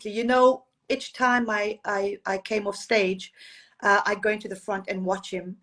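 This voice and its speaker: A woman, a singer raised in Zambia and Zimbabwe, telling lively stories about her career in a casual live-streamed interview, often laughing. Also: mid-range voice, measured pace. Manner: warm, storytelling, laughs often.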